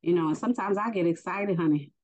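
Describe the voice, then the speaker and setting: A woman giving a casual spoken religious lesson, unhurried and hesitant with many fillers. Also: on the low side, a little mellow. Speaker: faith teacher. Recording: dull lo-fi recording.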